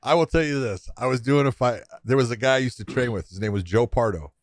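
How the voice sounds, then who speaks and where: A man co-hosting a sports podcast, talking casually and emphatically with plenty of "absolutely" and quick laughs. His voice sits at a middle pitch, and the sound is dry and close. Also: no echo. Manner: emphatic, agrees often, laughs. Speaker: podcast co-host, trainer. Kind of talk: casual chat.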